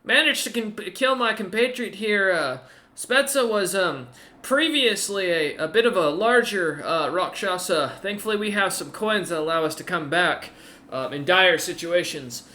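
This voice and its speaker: A man's voice: high-pitched, animated, normal speed, sharp tone, voice pushed up. A man voicing a large, polite male ogre adventurer who speaks hesitantly and asks lots of questions. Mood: apologetic.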